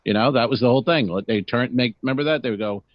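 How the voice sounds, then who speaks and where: A man's voice: medium pitch, fast, no room sound, dull audio. A man co-hosting a comedy podcast over a video call, joking around and acting out movie scenes. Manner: teasing, acts out movie lines in goofy voices. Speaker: podcast co-host. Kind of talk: casual comedic banter.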